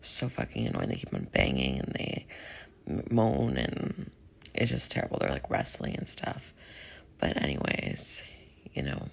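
Raspy, gravelly young vlogger guy. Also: rumbling low, huge pitch swings, a little slow. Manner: frequent "like" fillers, swearing, drops to whispers. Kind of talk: casual vlog chat.

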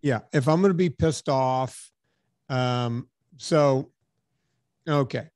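A man's voice: mid-range voice, takes it slowly, a little mellow, dry recording. A middle-aged man hosting a podcast in casual chat, thinking aloud with restarts and fillers. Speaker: podcast host.

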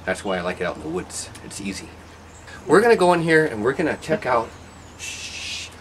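Speaking at normal speed with big swings in his mid-range pitch, this how-to host gives a casual hands-on demonstration in an indoor workshop. His manner is rambling, joking and self-deprecating, with slight background noise behind him.

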